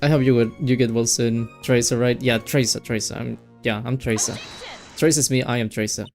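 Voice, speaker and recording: A chatty male streamer who rambles and giggles with viewers, his voice mellow and soft-edged. Faint music plays underneath. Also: mid-range voice, steady tone, normal speed. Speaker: VTuber streamer. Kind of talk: casual game stream chat.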